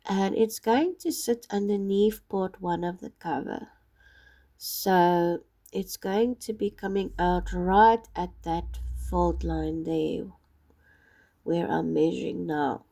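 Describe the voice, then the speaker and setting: A woman with a husky voice from being ill, patiently explaining each step of a craft project. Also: mid-range voice, mellow. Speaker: craft tutorial maker.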